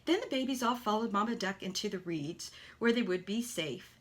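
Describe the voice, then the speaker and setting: Woman narrator for a kids' storybook, animated delivery with hushed asides. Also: mid-range voice, a little fast. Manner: animated, with soft whispered asides. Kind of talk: children's story reading.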